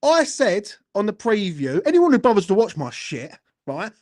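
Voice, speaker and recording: A fan-channel host delivers a furious, heavily sweary post-match football rant in a high-pitched, darkish voice that swoops wildly, at a moderate pace. He keeps asking the viewer "do you know what I mean."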